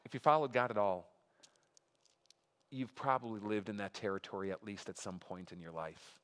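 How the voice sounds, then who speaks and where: A man's voice: on the low side, normal speed, fairly bright tone. A man giving a conversational sermon as a pastor, reading scripture aloud with emphatic rises and making asides to the congregation. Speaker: pastor teaching a Bible study. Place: church sanctuary. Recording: long reverb of a hall.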